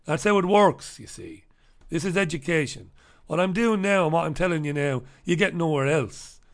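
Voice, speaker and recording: Combative, sarcastic male host reviewing newspapers, fairly high voice. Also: expressive, normal speed. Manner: sarcastic, combative, swears freely. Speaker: talk show host. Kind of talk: ranting monologue and newspaper review.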